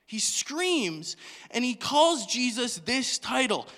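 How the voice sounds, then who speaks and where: Male preacher, high bright voice, animated sermon delivery, reverberant hall. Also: slow pace. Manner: animated, questioning the congregation, acting out voices. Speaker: pastor. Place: church hall.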